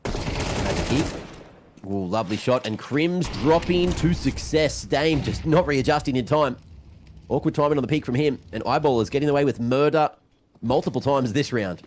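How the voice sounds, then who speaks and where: A man's voice: medium pitch, normal speed. Aussie guy casting esports, hyped play-by-play, bit of hiss behind him. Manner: excitable, banters between calls. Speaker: esports caster. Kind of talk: play-by-play commentary.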